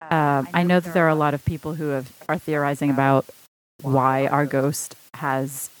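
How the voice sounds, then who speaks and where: A woman co-hosting a podcast, talking in a thoughtful, measured way with fillers. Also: sits low, flat delivery, rough recording. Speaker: podcast co-host. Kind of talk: casual discussion.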